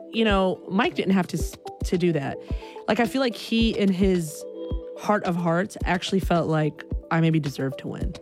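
A young adult woman telling a personal story in an animated way, acting out the people in it. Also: fairly low pitch, moderate pace, music in the background.

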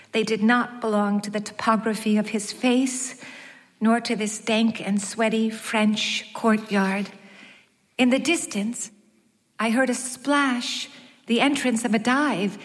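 A woman narrating her own story as an audiobook, wry and measured with light self-mockery. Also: a little high. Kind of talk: first-person audiobook narration. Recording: long hall reverb.

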